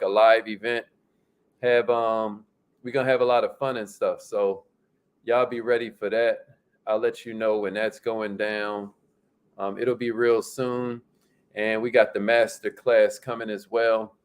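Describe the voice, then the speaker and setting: A man's voice: mid-range voice, clean tone. A man hosting a livestream in an upbeat, slangy, casual way, reading out viewer comments and laughing often. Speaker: livestream host.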